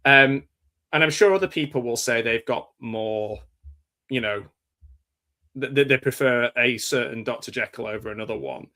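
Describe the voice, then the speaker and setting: A man's voice: mid-range voice, normal speed, sharp tone. An English man co-hosting a casual horror-movie podcast, rambling through his thoughts with self-deprecating jokes. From England. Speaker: podcast co-host.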